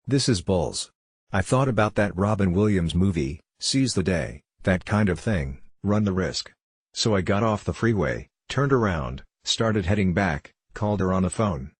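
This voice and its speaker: A man's voice: low-pitched, expressive, moderate pace, slightly rough, no room sound, clean studio sound. A man giving candid interview answers, telling a personal story in a reflective, heartfelt way.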